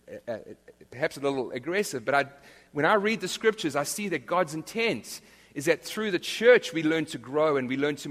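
Pastor guy preaching hard, stumbles and restarts a lot, voice sits pretty high, big hall echo. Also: a bit bright. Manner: earnest, emphatic preaching with frequent restarts. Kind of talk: sermon. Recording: long reverb of a large hall.

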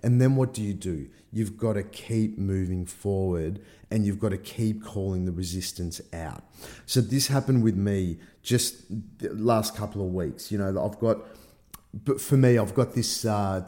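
A man's voice: lowish voice, mellow. A middle-aged man giving a motivational talk, swearing freely and acting out his own inner voices. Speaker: personal development coach. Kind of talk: motivational monologue.

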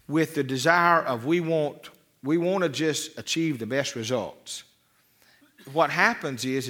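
A man's voice: medium pitch, a bit bright. A man preaching a sermon as a pastor, folksy and rambling, with frequent restarts and repeated words. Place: church.

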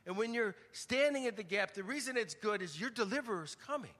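Older male pastor, sharp bright voice, church reverb. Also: sits high, fairly quick, hardly any pauses. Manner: animated, swings from loud emphasis to hushed near-whispers; storytelling, conversational preaching. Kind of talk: sermon.

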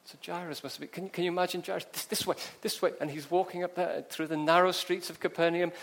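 A man's voice: high-pitched, flat delivery, fast talker, creaky, fairly bright tone. A man preaching a sermon, telling a story with drama and acting out the scenes.

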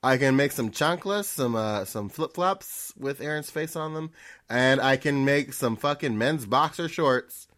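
A man's voice: medium pitch, measured pace, fairly bright tone, dry recording, studio quality. A man hosting a casual podcast, plugging merch and joking around with his co-hosts. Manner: joking, loose, swears casually. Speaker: podcast host.

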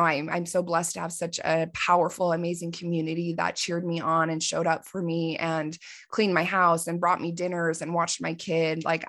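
Woman in her forties, podcast host, earnest heartfelt monologue, lowish voice. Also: fairly bright tone. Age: 40s. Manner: earnest and heartfelt, with pauses and fillers. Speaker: life coach and podcast host.

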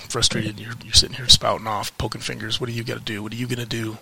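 A man ranting in a frustrated vlog, heated and swearing, repeating phrases for emphasis with weighty pauses. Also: medium pitch, level tone, vocal fry, sharp tone, slight background noise. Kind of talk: frustrated political rant to camera.

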